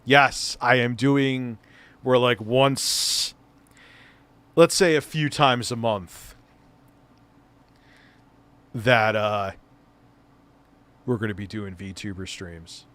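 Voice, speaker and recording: A man's voice: mid-range voice, steady tone, extremely slow, pauses often, a bit bright, no room sound. A middle-aged man hosting a live stream, reacting to a clip with casual, mocking, profane commentary.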